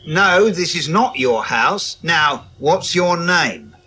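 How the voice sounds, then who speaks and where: An actor playing a calm investigator who questions a spirit in slow, probing tones. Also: male voice, a little high, husky, soft background music, full character voice.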